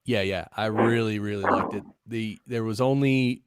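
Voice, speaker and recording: A man's voice: fairly low pitch, normal speed, smooth, no room sound. A man in casual chat on a podcasters' livestream, eager and full of questions. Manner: eager, chatty, asks questions.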